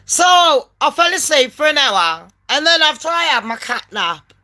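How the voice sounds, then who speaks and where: A woman in her late thirties from England, telling a story in a brash, sweary and animated way and acting out phone calls in voices. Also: high-pitched, normal speed. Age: late 30s. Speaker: vlogger. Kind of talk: casual storytelling rant.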